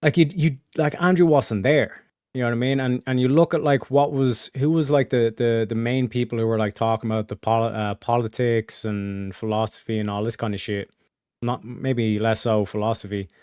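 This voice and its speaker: A man's voice: medium pitch, fairly even intonation, normal speed, darkish tone, smooth, no echo, clean studio sound. A man chatting casually as a streamer host, rambling with lots of fillers, restarts and casual swearing. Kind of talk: casual chat.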